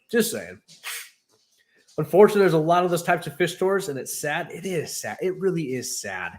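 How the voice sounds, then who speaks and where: A man casually chatting on his livestream, rambling and laughing as he tells stories. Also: mid-range voice. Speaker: streamer and host. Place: new home in Texas.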